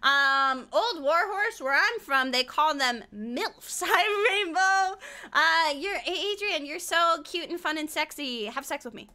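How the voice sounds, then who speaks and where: A young woman streaming a game, joking and swearing in animated, loose commentary and laughing often. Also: sits high, slow. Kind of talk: casual live-stream gaming commentary.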